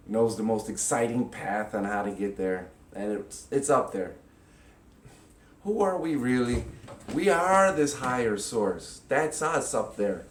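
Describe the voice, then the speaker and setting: A man giving a casual spiritual teaching talk, animated and acting out inner voices with sudden loud, high bursts. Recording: echoey room.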